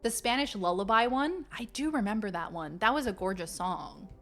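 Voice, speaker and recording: A woman streaming a game and chatting casually with her viewers, playful and quick to slip into silly voices. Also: medium pitch, lively intonation, fairly bright tone, a little hiss or hum. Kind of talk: casual live-stream chat.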